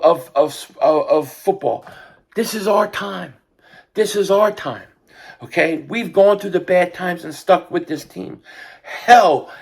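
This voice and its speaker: An older man giving an impassioned sports fan rant, repeating himself and building to shouts. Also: high voice. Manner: fervent, repetitive, rising to shouts. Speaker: sports vlogger.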